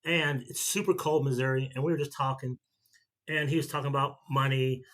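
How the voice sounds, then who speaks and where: Bright-voiced man in his fifties rambling. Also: medium pitch, steady tone, brisk. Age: 50s. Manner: rambling storyteller who repeats and restarts himself. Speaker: vlogger. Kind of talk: casual chat.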